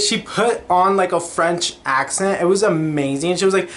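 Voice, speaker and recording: A young man talks on his own podcast in a loose, gushing ramble, leaning hard on filler words and bursting into bits of song. His voice sits a little higher than most men's. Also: normal speed, hardly any pauses, fairly bright tone, a little hiss or hum. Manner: chatty, gushing, lots of "like" and sung snippets. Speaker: podcast host. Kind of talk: casual solo chat.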